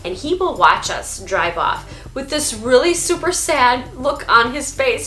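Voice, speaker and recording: A woman's voice: fairly high pitch, moderate pace, hardly any pauses, bright, forceful tone. A woman hosting a casual vlog from home, chatting upbeat about her dog. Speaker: vlog host and dog owner. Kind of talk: casual vlog narration to camera. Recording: echoey room, faint music.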